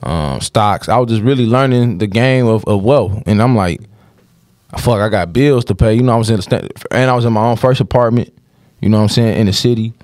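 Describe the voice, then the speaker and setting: A man's voice: on the low side, a little fast, darkish tone, no echo, clean studio sound. A young man on a podcast, telling a personal story in casual chat, with lots of slang and swearing and restless run-on sentences.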